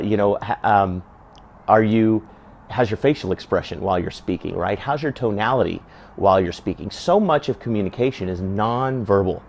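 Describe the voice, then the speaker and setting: A man's voice: fairly low pitch, a little mellow. A man giving casual advice to camera, talking conversationally and asking lots of rhetorical questions. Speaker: self-help video host.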